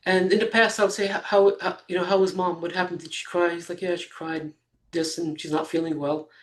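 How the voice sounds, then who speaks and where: A man in his sixties, a guest in an interview, telling a personal story in a halting way, with fillers and soft laughs between phrases. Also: high-pitched, level tone. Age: 60s.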